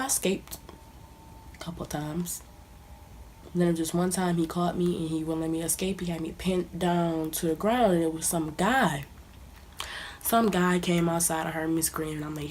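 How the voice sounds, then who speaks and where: A woman's voice: on the low side, darkish tone, slight background noise. A young woman casually telling a personal story as a vlogger, sometimes dropping to a near-whisper. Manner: casual, conversational, drops to near-whispers at times. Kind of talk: storytime monologue.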